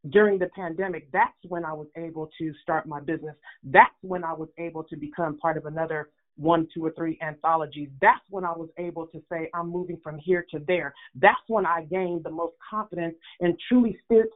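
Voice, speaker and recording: A woman's voice: fairly low pitch, fairly quick. A woman calling in to a prayer line, giving an earnest, upbeat testimony. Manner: earnest, upbeat, talks with many fillers. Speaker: caller sharing a testimony. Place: phone call. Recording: phone line.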